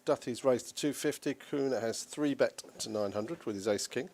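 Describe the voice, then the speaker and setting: A man giving play-by-play poker commentary in a dry, measured way. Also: mid-range voice, darkish tone.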